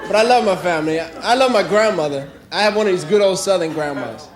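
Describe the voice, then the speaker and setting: A man's voice: high-pitched, animated, quick pace. A young man from New York doing a stand-up comedy set on a club stage, telling jokes conversationally and breaking into acted voices. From New York City. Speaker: stand-up comic. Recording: crowd laughter and noise.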